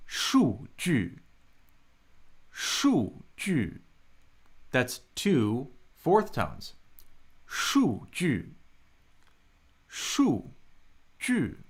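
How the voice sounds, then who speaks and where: A man's voice: fairly low pitch, a bit bright. A man teaching Mandarin pronunciation on a live stream, upbeat and encouraging as he drills words and tones. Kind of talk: live-streamed language lesson.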